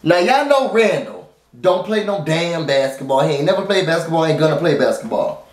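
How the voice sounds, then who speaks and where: A man's voice: fairly high pitch, lively intonation, moderate pace. Chatty man recapping TV in a roomy room. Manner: informal, addresses viewers as y'all; rambling with many fillers and restarts. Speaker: TV recap vlogger. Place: at home, dog nearby.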